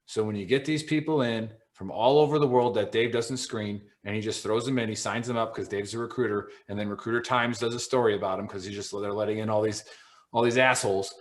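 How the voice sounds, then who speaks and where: A man's voice: fairly low pitch, steady tone, fast talker. A man co-hosting a veterans podcast, telling stories in a blunt, profanity-heavy, casual way. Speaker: podcast co-host.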